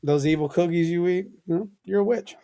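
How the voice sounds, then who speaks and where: A man's voice: high-pitched, a little fast, gravelly, warm tone, slight background noise. A man co-hosting a casual podcast chat, teasing his friends and joking around. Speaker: podcast co-host.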